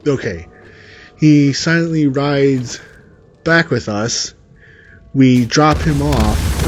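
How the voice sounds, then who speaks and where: A man's voice: medium pitch, a little hiss or hum. A man reading a story aloud and breaking in with profane, sarcastic asides. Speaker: story reader and commentator. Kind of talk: reading a story aloud with reactions over gameplay.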